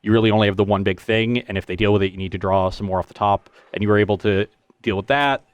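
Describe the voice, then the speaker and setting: A man co-hosting a casual chat, talking in a measured, thoughtful, hesitant way. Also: lowish voice, steady tone, clean tone, no room sound. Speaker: co-host. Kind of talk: casual post-match chat.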